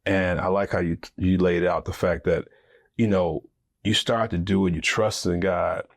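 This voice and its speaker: A man in a casual faith discussion who talks in a relaxed, conversational way and affirms the others. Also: deep voice, normal speed, gravelly.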